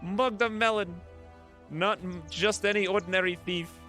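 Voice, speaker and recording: A man's voice: sits high, fairly even intonation, normal speed, sharp tone, soft background music, pitched above the performer's own voice. A man voicing a drunk bearded village stooge in a boisterous, slurred rustic drawl while reading a game event aloud. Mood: rowdy. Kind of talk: let's play character reading.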